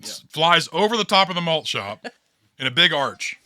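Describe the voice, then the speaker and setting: A man leads a tabletop game as the storyteller, narrating the scene in a loose, chatty way. His voice is very bright and a little high, and it sits close and dry with no room sound. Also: big pitch swings, normal speed, dry recording.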